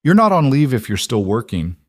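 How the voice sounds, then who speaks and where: A man doing a calm, tired young dad. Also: mid-range voice, brisk, no room sound, voice pushed up. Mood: reassuring. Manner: calm, steady, gently firm. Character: patient young single dad, worn out. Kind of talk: storybook dialogue.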